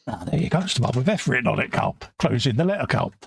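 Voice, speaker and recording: A man's voice: medium pitch, big pitch swings, quick pace, creaky, breathy edge. A sniffly man with a southern English accent, co-hosting a live model-building stream, joking around and reading out viewer comments. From England. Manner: chatty, joking banter, reads out viewer comments. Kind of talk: casual chat while building a model kit.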